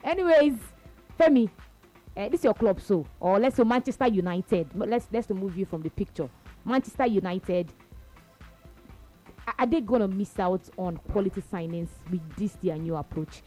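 A young woman with a Nigerian accent hosting a casual football talk show, animated, mixing Pidgin slang and repeating phrases for emphasis. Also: medium pitch, moderate pace, faint music behind. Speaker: sports talk host.

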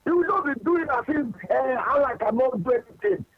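A man's voice: very high-pitched, expressive, fairly quick, breathy edge, no echo. A man with a Nigerian accent calling a radio sports show, insistent and repetitive as he rants. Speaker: caller. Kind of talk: rapid call-in rant. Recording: phone line.

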